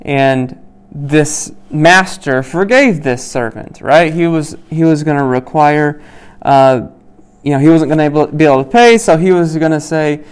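A man leading a small Bible study group. He reads scripture aloud, then explains it in a loose, conversational way, asking "right?" often and pausing with "um.". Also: a little high, clear, resonant tone. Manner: many "um"s and restarts while explaining.

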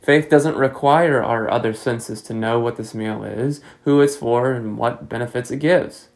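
A male pastor delivering a sermon in a measured, earnest way, building to pointed rhetorical questions. His voice sits in a middle pitch with a gravelly, fry-tinged edge. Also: rough recording.

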